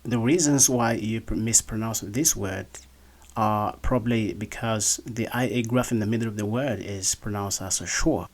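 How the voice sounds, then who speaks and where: Low-voiced man teaching pronunciation. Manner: careful, deliberate, repeats words slowly. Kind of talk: scripted pronunciation lesson.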